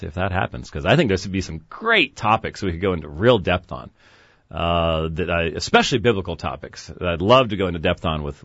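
In a mid-range voice, a male host runs a studio call-in webcast, chatting casually and lively with sarcastic quick asides and chuckles. The studio audio is dull and dry, without any room sound.

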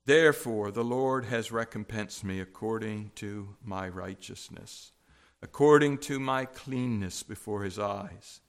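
A male preacher giving a sermon and reading scripture aloud, measured and halting, with frequent fillers. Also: on the low side.

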